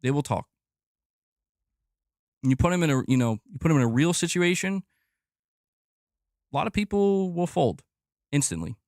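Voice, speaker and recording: A man hosting a gaming channel livestream, ranting in an exasperated, profane way that repeats itself and climbs in pitch as he gets worked up. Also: big pitch swings, normal speed, pauses often, darkish tone, no room sound, studio quality. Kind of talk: livestream rant reading chat.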